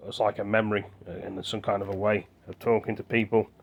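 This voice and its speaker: A man's voice: on the low side, little pitch movement, quick pace, lo-fi sound. A British man vlogging into his phone, rambling and thinking aloud with many fillers and restarts. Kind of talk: rambling casual monologue to camera.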